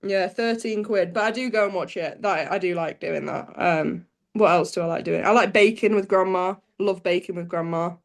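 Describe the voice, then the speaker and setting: A woman's voice: fairly low pitch, moderate pace, hardly any pauses. A young woman, a podcast guest chatting in a giggly, blunt and down-to-earth way. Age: young adult. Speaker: guest, amateur golfer. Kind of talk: casual chat interview over a call.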